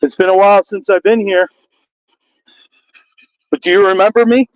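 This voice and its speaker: Guy ghost hunting under a bridge, high voice, kinda muffled lo-fi recording. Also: fairly even intonation, moderate pace, no echo. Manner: coaxing, repetitive questions. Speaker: ghost hunter. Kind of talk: addressing spirits during a ghost hunt. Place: outdoors under a bridge with traffic overhead.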